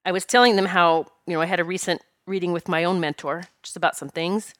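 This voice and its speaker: A woman's voice: fairly low pitch, steady tone, quick pace, a bit bright, dry recording, clean studio sound. Earnest woman telling a spiritual story. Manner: emotional, earnest, with many restarts. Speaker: spiritual teacher and medium. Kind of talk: personal storytelling monologue.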